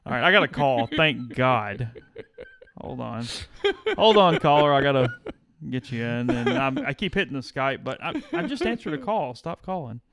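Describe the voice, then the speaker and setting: A man's voice: mid-range voice, moderate pace, no echo. A man co-hosting a sports call-in show, chatting and wisecracking while juggling callers. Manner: animated, wisecracking. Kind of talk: casual chat.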